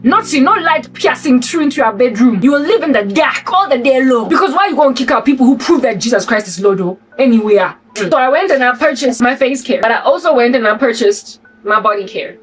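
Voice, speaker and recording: A South African woman vlogging to camera, delivering an animated, preachy satirical rant full of repeated rhetorical questions. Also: high voice, brisk, few pauses. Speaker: Christian vlogger. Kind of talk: ranting satirical monologue to camera. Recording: voice distant from mic, faint music behind.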